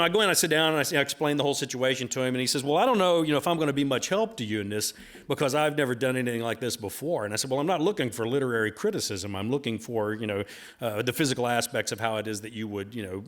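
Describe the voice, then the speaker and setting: A man's voice: mid-range voice, fast talker, fairly bright tone. A middle-aged man telling a folksy, rambling story at a bookstore talk, with plenty of fillers along the way. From United States. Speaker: author giving a talk.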